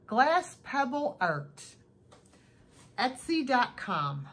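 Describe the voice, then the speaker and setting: A woman's voice: high voice, sing-song, very slow, a bit bright, low-quality recording. A woman chatting at home in a casual haul video, gushing over each thing she unpacks. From United States. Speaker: thrift vlogger.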